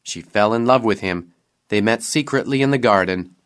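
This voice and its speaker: A man voicing a cursed young king from a storybook, sorrowful and subdued as he tells his tale. The voice is low and quiet, close to the reader's own. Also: normal speed, clean tone, close to an everyday voice. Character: sorrowful young king, half turned to stone.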